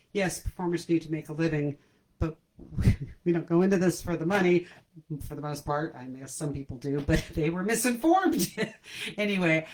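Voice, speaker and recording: A woman's voice: low voice, a little mellow, low-quality recording. A woman hosting a comedy livestream from home, chatting casually and self-deprecatingly to her viewers and laughing at her own jokes. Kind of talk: casual chat to a livestream audience. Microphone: computer camera mic.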